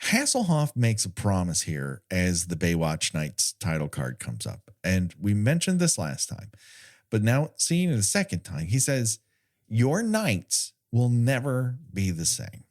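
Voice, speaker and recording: Co-hosting a casual podcast chat, a man cracks wry jokes and laughs often. His voice is low-pitched with wildly swooping pitch, and he talks a little slowly.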